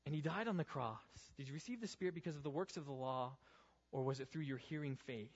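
A man's voice: a little high, quick pace. Earnest young male youth pastor preaching. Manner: earnest, rising to pleading rhetorical questions. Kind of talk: youth group sermon. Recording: dull, reverberant hall sound.

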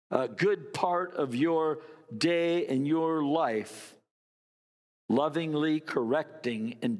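A man's voice: mid-range voice, big-room sound. A man preaching a sermon, telling a story and mimicking barking dogs with playful asides. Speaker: pastor.

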